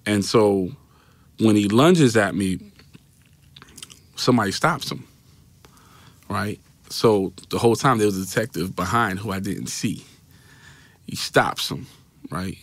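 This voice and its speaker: A man's voice: fairly low pitch, unhurried, pauses often, no room sound. A man with a New York accent, a guest on a podcast, telling a personal story in a loose, repetitive way and acting out the voices of people in it. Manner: storytelling, acts out quoted voices, repeats "right?". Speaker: interview guest. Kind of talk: recounting a personal story in an interview. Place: podcast studio. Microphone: studio mic.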